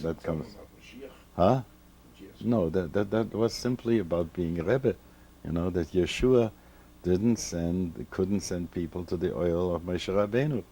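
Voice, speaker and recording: A rabbi in his seventies, recalling his past in an interview from his home library, speaking slowly and reflectively with many restarts. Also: low voice, warm tone. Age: 70s. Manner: slow, reflective, with many restarts and repeated words. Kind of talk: reminiscing storytelling in an interview.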